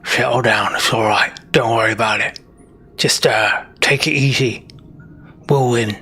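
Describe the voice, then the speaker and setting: A man doing a gravelly brute of a bugbear boss. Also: medium pitch, fairly even intonation, unhurried, bright, forceful tone, voice pushed down, full character voice. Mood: soothing. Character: huge tough male bugbear bowling team boss.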